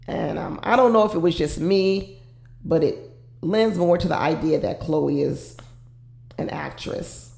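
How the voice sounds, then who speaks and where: A woman's voice: deep voice, measured pace, gravelly, mellow, echoey room. A woman commenting casually and with firm opinions on a reality show, talking straight to her viewers.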